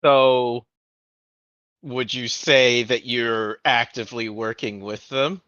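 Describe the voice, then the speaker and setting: Man playing a tabletop game, slow and hesitant, bright dry voice, kinda dull lo-fi mic. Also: medium pitch, steady tone, no room sound. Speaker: player.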